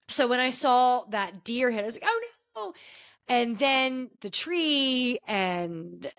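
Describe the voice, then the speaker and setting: A woman with a fairly bright, higher voice hosts a podcast. She recaps a reality show in a casual, gossipy chat, restarting her sentences many times.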